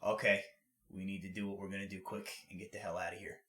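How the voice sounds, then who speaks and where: Man playing gruff hangdog investigator, fifties, low voice, tabletop game. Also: level tone, fast, bright, forceful tone, roomy sound. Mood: terse. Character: rumpled weary middle-aged human investigator.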